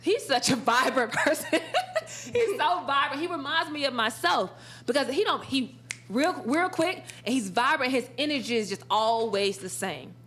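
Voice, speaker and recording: Animated high-voiced woman telling stories. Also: normal speed. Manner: animated, laughs often, acts out quoted dialogue. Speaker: esports sportscaster and college instructor, interview guest. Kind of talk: casual storytelling in an interview.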